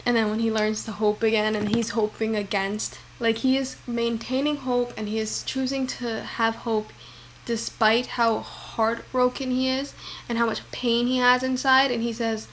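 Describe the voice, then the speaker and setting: Chatty young woman, fairly high voice. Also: little pitch movement, moderate pace, a little hiss or hum. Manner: rambling and heartfelt, filler-heavy. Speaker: vlogger. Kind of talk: casual chat. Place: home kitchen.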